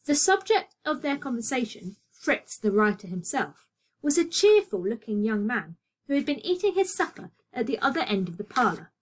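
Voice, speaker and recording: Expressive British woman teacher reading aloud. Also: a little high. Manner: expressive, chatty asides. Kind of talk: reading a storybook aloud to a class.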